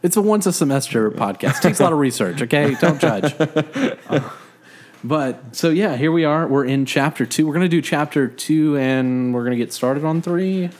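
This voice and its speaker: A man's voice: on the high side, animated, normal speed. Rambling, jokey podcast host man. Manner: self-deprecating, jokey, rambling with many fillers. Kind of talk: casual joking podcast chat. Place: living room.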